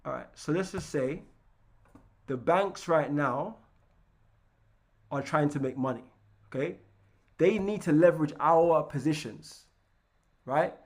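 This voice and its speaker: Male trading coach, lively and chatty, slightly higher voice, keeps checking in. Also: takes it slowly, pauses often. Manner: energetic, keeps checking in with "right?"; repeats and restarts words. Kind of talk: live online trading lesson.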